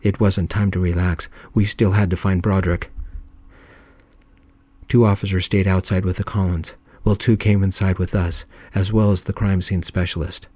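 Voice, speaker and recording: A man telling a story in a calm, soft-spoken ASMR style. His voice is very deep and mellow. The recording is close and dry, with no room sound. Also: no echo. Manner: calm, measured narration.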